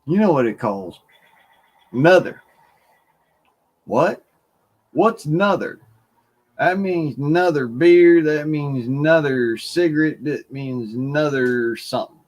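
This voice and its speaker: A man's voice: on the high side, animated, a little slow. A man with a Southern US accent chatting casually on a livestream, folksy and rambling, laughing often. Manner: folksy drawling storyteller, laughs often, mumbles some words. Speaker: livestream host.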